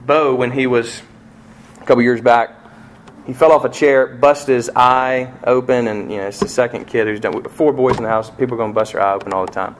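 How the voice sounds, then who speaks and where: Man, middle-aged pastor, sermon, mid-pitched voice, acted-out stories, faint background noise. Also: fairly even intonation, fairly quick. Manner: storytelling with vivid acted-out quotes and swings in loudness.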